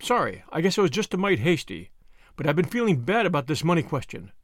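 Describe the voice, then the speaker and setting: A man's voice: fairly high pitch, big pitch swings, fast talker, dry recording, studio quality. A man voicing a brash, wealthy young man in an audiobook, blunt and informal. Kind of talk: audiobook character voice.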